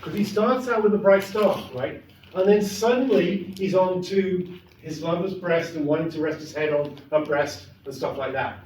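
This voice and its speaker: A man's voice: sits high, moderate pace, darkish tone. A middle-aged man giving a conversational, emphatic classroom lecture on poetry. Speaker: literature lecturer. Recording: echoey classroom, mic far off, faint noise.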